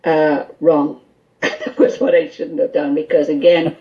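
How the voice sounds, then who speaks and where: A woman guest on a call-in radio show, telling an animated story full of quoted dialogue and small laughs. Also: low voice, unhurried, highs cut off. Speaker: guest, skull interpreter.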